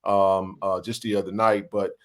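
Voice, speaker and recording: A man's voice: deep voice, little pitch movement, normal speed, a bit bright. A man hosting a casual sports interview, asking long, winding questions. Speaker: podcast host.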